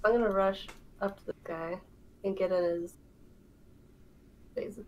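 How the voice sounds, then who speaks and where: A woman's voice: medium pitch, measured pace, muffled recording, a little hiss or hum. A young woman playing a tabletop game, playful and laughing often. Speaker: player. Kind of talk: casual tabletop play.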